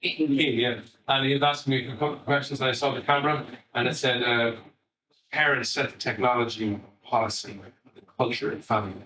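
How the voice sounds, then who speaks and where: A man's voice: mid-range voice, fairly even intonation, brisk, sharp tone. Chatty Irish man in an echoey hall. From Ireland. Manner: chatty, anecdotal, with frequent restarts and asides. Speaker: family psychotherapist giving a talk. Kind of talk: live talk to parents. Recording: echoey room, far from the mic.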